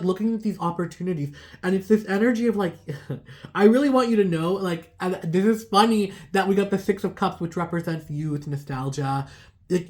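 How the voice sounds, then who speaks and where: A woman's voice: on the low side, darkish tone. A woman giving a casual tarot reading to her viewers, rambling with lots of "like" fillers and laughing at herself. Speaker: tarot reader.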